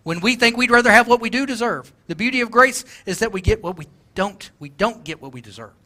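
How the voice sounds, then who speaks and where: A male preacher with a high, bright, forward voice delivers a sermon with earnest emphasis. He repeats his key lines to drive them home. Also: expressive, brisk. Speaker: pastor.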